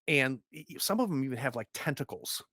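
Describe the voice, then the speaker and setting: A man narrating a tabletop game as game master, animated and descriptive. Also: mid-range voice, brisk, no echo, clean studio sound.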